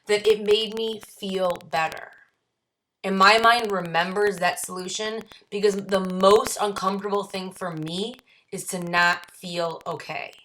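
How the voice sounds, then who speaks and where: A woman with a Midwestern American accent guides a book study with a bright, clear voice. She reads short passages aloud, then explains them in her own words. Key phrases get repeated slowly for weight. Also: mid-range voice, slight background noise, rough recording. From United States. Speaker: study group leader. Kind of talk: reading and explaining a recovery text.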